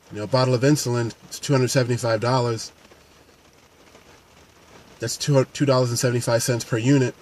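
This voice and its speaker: A man's voice: medium pitch, slight background noise. A man, a paramedic and fitness coach, talking earnestly and unscripted to camera with frequent restarts. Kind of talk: casual talk to camera.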